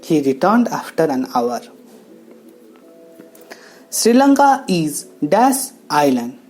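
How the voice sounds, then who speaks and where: A woman teaches a grammar lesson in a slow, explanatory way. Her voice sits on the low side and sounds warm and mellow. Light music plays quietly underneath. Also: very animated. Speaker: English teacher. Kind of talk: classroom lesson narration. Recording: faint background music.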